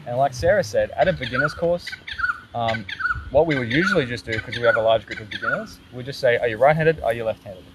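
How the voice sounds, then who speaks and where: Man hosting a relaxed live-stream chat, voice set in the middle range, explains things step by step and jokes around. Steady background noise can be heard under his talk. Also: mid-range voice, fast. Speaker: archery coach and host.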